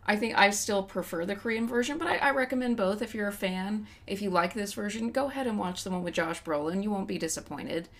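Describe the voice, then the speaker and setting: Speaking fast with hardly any pauses, a woman in a mid-range, fairly bright voice co-hosts a podcast. She's from West Texas, USA, and keeps the casual chat candid and chatty, often mocking herself.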